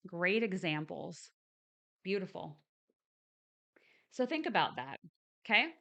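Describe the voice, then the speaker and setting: A woman's voice: on the low side, animated, takes it slowly, vocal fry, bright, forceful tone. A woman hosting a spiritual live stream, talking to her viewers in a chatty, upbeat way with frequent ums and restarts. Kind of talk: casual live stream chat.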